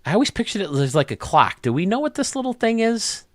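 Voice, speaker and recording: A man hosting a video game stadium show, chatting casually and excitably, with lots of restarts. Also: high-pitched, fast talker, no room sound, clean studio sound. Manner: rambling, excitable, many restarts. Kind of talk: casual chat.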